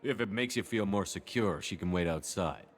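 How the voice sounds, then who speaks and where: A man voicing a calm, measured male military commander in a video game. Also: sits low, faint music behind.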